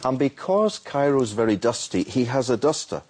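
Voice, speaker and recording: A man with a husky voice tells a story as he explains how to call people to Islam. His pitch swings widely, and he repeats words as he goes. At times he acts out a street vendor's calls. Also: expressive, moderate pace, darkish tone. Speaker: Muslim preacher guest.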